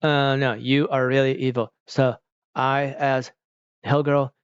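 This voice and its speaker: A man mimicking a stiff drama heroine who recites memorized lines in a flat, over-formal way, on a dull lo-fi mic. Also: medium pitch, a little slow, clean tone, dry recording, close to an everyday voice. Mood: mock solemn.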